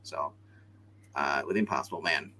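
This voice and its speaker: A man's voice: rumbling low, normal speed, pushed and bright, slight background noise. A man casually showing off comics, rambling and joking as he goes. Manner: rambling and jokey. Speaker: co-host showing his comics. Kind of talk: casual chat.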